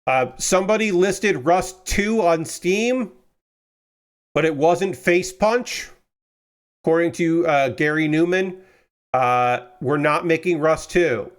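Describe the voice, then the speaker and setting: A sleepy man chats loosely on a live stream while he builds a model kit. His voice sits a little high, and he rambles through news with plenty of ums and a casual curse here and there, yawning as he goes. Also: takes it slowly. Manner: rambling, swears casually, frequent fillers. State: tired and yawning.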